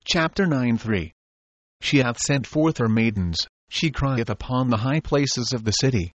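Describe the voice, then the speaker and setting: A man's voice: mid-range voice, animated, measured pace, no echo. Man reading an old sermon text. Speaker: reader of an old religious treatise.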